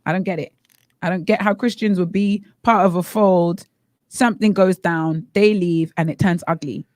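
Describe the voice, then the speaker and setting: A woman's voice: lowish voice, normal speed, dry recording. Emphatic radio co-host woman. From Bahamas. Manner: animated, emphatic, rhetorical questions. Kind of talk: casual opinion chat. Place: radio studio.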